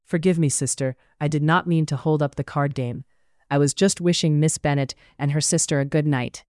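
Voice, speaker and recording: A narrator voicing a courteous young gentleman. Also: medium pitch, steady tone, moderate pace, no echo, clean studio sound, close to an everyday voice. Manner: polite and genial. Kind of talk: audiobook character reading.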